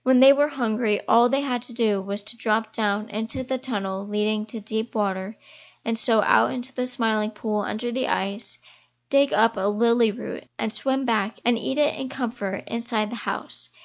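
A woman reading a children's animal storybook aloud in a gentle, measured way. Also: fairly high pitch, fairly even intonation. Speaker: audiobook reader. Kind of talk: storybook narration.

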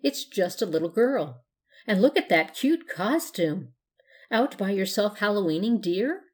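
A woman's voice: mid-range voice, lively intonation, a little slow, a little mellow, slightly rough. A doting grown lady gushes sweetly over a little girl, played by a woman reading a storybook. She sounds fond and fussy. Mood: gushing. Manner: gushing, fond. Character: doting adult lady at a party.

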